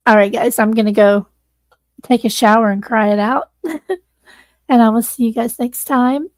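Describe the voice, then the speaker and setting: A woman's voice: on the high side, fairly even intonation, normal speed, darkish tone, no echo. A woman hosting a livestream, earnestly thanking viewers and close to tears. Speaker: livestream host. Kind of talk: casual livestream sign-off.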